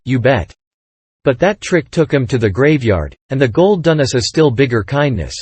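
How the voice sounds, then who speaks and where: A man's voice: medium pitch, a little mellow, breathy edge, no room sound. A man reading aloud, voicing an angry, bossy male con-man duke who scolds sharply.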